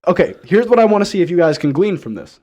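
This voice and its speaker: A man co-hosting a podcast, telling a story in a casual, animated way, swearing and laughing often. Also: high-pitched, quick pace. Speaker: podcast co-host. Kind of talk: casual chat.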